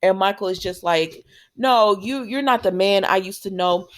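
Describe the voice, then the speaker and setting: A woman's voice: mid-range voice, normal speed. A woman casually recapping a soap opera, retelling scenes in quoted dialogue with chatty asides. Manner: laughs and exclaims at the characters.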